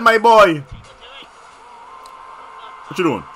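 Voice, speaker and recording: A young man casually reacting to video clips, slangy and excitable, often bursting into shouts. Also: high-pitched, takes it slowly, long pauses, faint music behind.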